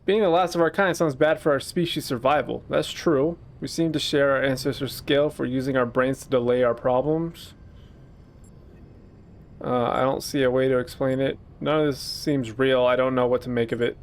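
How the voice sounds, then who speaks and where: A man's voice: mid-range voice, fairly even intonation, moderate pace. A man casually commentating a video game playthrough, musing and joking at himself. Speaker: gaming YouTuber. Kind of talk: let's play commentary.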